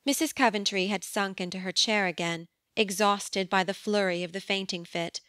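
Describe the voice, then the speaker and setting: Crisp, dry-voiced woman narrating a story. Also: medium pitch, dry recording. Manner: even, measured storytelling. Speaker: audiobook narrator. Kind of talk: scripted narration. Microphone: studio microphone.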